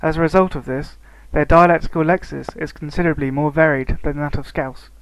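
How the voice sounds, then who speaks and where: A man's voice: on the high side, fairly even intonation, clean tone, dry recording, poor audio. Man reading a language lesson script. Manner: reads steadily from a prepared script, slowing on example words. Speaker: student narrator. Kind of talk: scripted educational narration.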